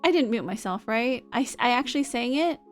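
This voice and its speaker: A woman's voice: fairly high pitch, lively intonation, brisk, soft background music. A woman live streamer chatting casually with her viewers in a bubbly, rambling way, thanking people in chat.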